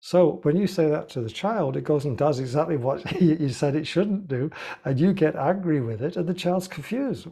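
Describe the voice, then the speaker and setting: A man's voice: a little high, animated, normal speed, gravelly, warm tone, breathy edge. A man, a life coach and author, explaining ideas earnestly in an interview with lots of examples. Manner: earnest, example-driven, repeats words while thinking.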